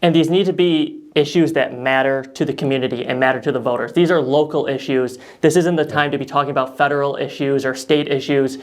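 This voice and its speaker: A man's voice: medium pitch, fairly even intonation, brisk, hardly any pauses. A man talking as a political campaign consultant, steadily explaining and adding supporting points in an advice chat. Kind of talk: advice chat on a podcast-style video.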